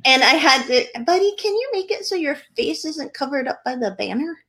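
Woman podcast co-host, chatty and giggly, lively high-ish voice, loose casual chat. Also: fairly quick.

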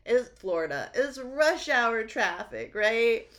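A woman with a New England accent chats on a podcast, her voice bright and clear. She tells stories in an animated way and laughs often. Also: a little high, takes it slowly. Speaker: podcast co-host. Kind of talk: casual podcast chat.

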